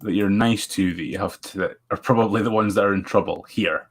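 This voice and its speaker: A man's voice: fairly low pitch, fairly even intonation, a little fast. A Scottish man chatting as a guest on a live stream, making wry, dry remarks. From Scotland. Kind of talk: casual chat.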